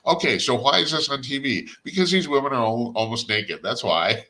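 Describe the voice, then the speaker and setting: A man's voice: medium pitch, expressive, a little fast, few pauses, bright, forceful tone. An older man hosting a talk radio show, giving a blunt, rambling opinion monologue with chuckles and restarts.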